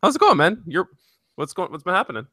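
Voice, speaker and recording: A man's voice: high-pitched, wildly swooping pitch, quick pace, bright, forceful tone, no echo, studio quality. A man hosting a casual gaming podcast, laughing often between his words. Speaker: podcast host.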